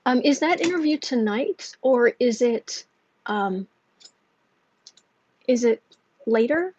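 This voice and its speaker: Woman, tarot livestream host, casual rambling chat, soft gentle delivery, breathy, dry muffled lo-fi recording. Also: fairly high pitch, expressive, slow pace, no room sound. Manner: chatty, rambling, with many fillers and restarts; speaking softly and gently, often dropping to a near whisper. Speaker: tarot reader and channel host.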